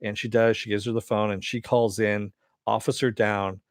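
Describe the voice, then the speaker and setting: A man with a fairly low, flat voice recaps a TV episode at a moderate pace, rambling casually with lots of "uh" and "you know" and the odd offhand curse. The recording is dry and cleanly studio-made.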